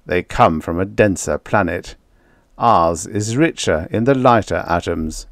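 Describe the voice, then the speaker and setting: A man's voice: sits low, a little slow, no echo, clean studio sound. A man voicing an earnest, persuasive middle-aged astronomer in an audiobook story.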